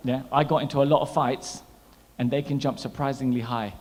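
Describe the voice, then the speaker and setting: A man's voice: medium pitch, fairly quick, a little hiss or hum. Man, thirties, stand-up comic, chatty, teasing the audience, long hall reverb. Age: 30s. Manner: chatty, animated, teasing the crowd. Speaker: stand-up comedian. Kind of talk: stand-up comedy set. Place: large hall at a gala dinner.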